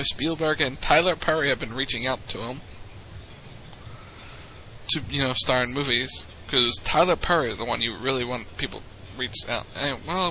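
Brief: rambling, chatty male co-host, very bright and forceful tone, lo-fi dull recording. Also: medium pitch, slight background noise. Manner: rambling, chatty, with frequent restarts. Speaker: podcast co-host recapping wrestling. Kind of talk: casual recap chat.

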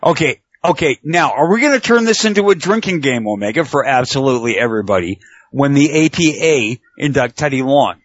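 A man's voice: medium pitch, animated, brisk, no room sound. A man co-hosting a casual wrestling podcast, leading the topics and laughing often. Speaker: podcast co-host. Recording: dull dry lo-fi sound.

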